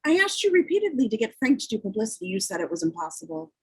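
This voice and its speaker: A woman reading the part of a cold, cutting female publishing chief in a play reading, speaking with clipped, icy calm. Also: on the high side, very fast, breathy edge, rough recording. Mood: stern. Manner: clipped, icily calm authority.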